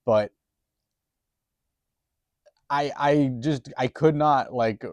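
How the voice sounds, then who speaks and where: A man telling a story in a rambling, profane way, trailing off and restarting his sentences. His voice sits at a middle pitch and sounds dry and close, with no room sound. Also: drawn-out words, a little mellow, no room sound. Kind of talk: casual storytelling.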